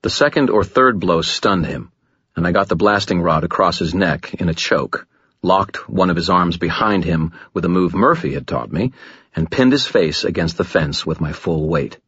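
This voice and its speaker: Male audiobook narrator, deep husky voice, dry close mic, muffled lo-fi sound. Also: moderate pace, dry recording. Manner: gritty, dramatic, low and steady. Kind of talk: first-person audiobook narration.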